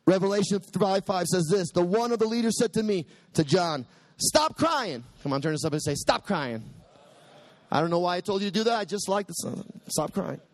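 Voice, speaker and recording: A man preaching a sermon, quoting scripture and building to shouted peaks. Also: fast, hardly any pauses, no room sound. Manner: preaching with soaring pitch and sudden shouted peaks; quotes scripture in dramatic voices.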